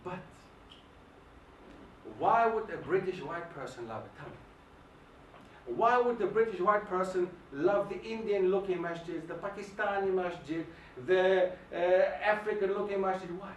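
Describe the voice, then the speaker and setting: A man giving an emphatic, animated lecture and firing questions at the audience, recorded in a hall. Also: sits high, unhurried, lo-fi sound, a little hiss or hum. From Germany. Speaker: guest lecturer. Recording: echoey hall, mic at a distance.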